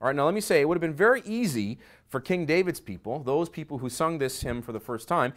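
A middle-aged man, a pastor, preaching a sermon that swings between quiet asides and loud emphasis. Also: on the high side, lively intonation, fast talker.

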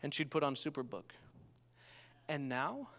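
A young male preacher delivers a sermon in a lively, story-driven way, frequently calling out for an amen from the congregation. For a man, his voice is pitched rather high, and a big church hall gives it a long, trailing reverb. He speaks a little slowly.

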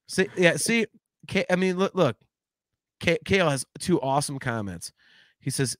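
A man co-hosting a podcast in casual chat, talking in an animated, rambling way with lots of restarts and swearing. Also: fairly high pitch, measured pace, pauses often, dry recording, clean studio sound. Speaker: podcast co-host.

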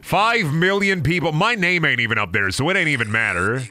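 Bright, lively Midwestern streamer. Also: male voice, on the high side, fairly quick, no room sound. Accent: Midwestern American. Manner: rambling, profane, jokey. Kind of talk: casual gaming commentary.

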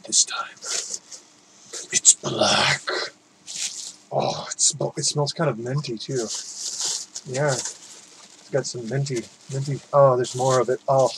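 A man's voice: mid-range voice, fairly even intonation, a little slow, noisy background. A man doing casual unboxing commentary, rambling, joking at his own expense, and swearing freely. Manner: rambling, self-mocking, swears a lot. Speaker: unboxing vlogger.

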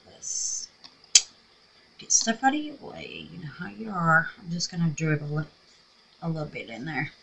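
A Southern woman with a scratchy voice chatting casually through a crafting tutorial at home, talking to herself and calling viewers babies. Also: low-pitched. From Mississippi, USA. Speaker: craft vlogger. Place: home craft room with air purifier.

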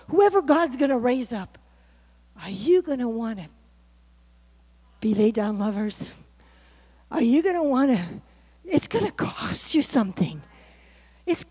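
A middle-aged woman preaching a sermon as a guest speaker, swinging from loud exclamations to soft, low musing.

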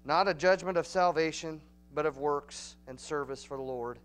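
A man with a Texan accent preaching a Bible study in a church, folksy and emphatic, building to loud, urgent peaks. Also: on the high side, moderate pace, smooth. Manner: folksy, emphatic, rising to near-shouting peaks. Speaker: pastor. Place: church sanctuary.

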